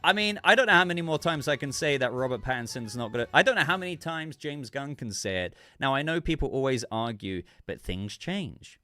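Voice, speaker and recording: A man's voice: mid-range voice, animated, fairly quick, few pauses, sharp tone, dry recording, soft background music. A man hosting a casual livestream, chatting loosely and reading viewer messages, sounding congested with a cough. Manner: rambling, chatty, self-interrupting. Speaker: livestream host.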